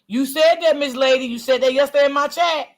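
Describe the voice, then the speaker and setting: A woman's voice: sits high, quick pace. A middle-aged woman hosting a live stream, reading the chat aloud and commenting bluntly, with plenty of cursing. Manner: blunt, profane, outspoken, talks to chat as y'all.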